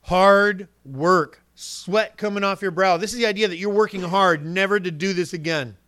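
A man delivering a sermon with a fairly high voice. He preaches earnestly and directly, drops into quick acted-out lines of what people say, and keeps pressing the listeners with rhetorical questions. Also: sharp tone.

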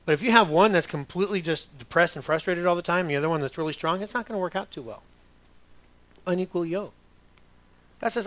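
A man's voice: high voice, fast talker, long pauses, fairly bright tone. A middle-aged man preaching a sermon as a pastor, talking conversationally with joking asides and putting on other voices.

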